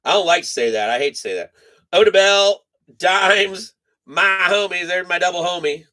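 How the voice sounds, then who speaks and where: A man's voice: high voice, moderate pace, pushed and bright. A man hosting a live card break stream, chatting casually, reading off names and teasing his viewers.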